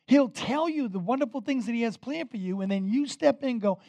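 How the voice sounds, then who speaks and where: A man preaching with emphasis, his voice swelling loud on key points and dropping low between them. He speaks straight to his listeners, asking them questions. The sound is dry and close, with no room echo. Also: lively intonation, brisk, hardly any pauses. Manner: emphatic, rises and falls in loudness, talks straight to the congregation. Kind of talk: sermon.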